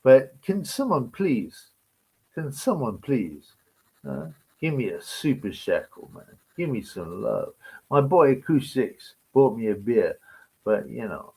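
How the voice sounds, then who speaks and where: Slow-talking crude man ranting. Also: medium pitch, big pitch swings, gravelly, darkish tone, husky, poor audio. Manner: crude, mocking, rambling. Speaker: live stream host. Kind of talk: casual live-stream rant.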